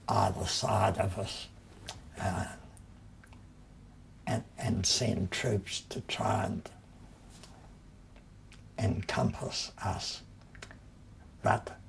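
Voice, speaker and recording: An older man, telling his memories in an interview in a slow, measured way with long pauses. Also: lowish voice, little pitch movement, vocal fry, fairly bright tone, slight background noise. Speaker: war veteran interviewee. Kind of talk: reminiscing in an interview.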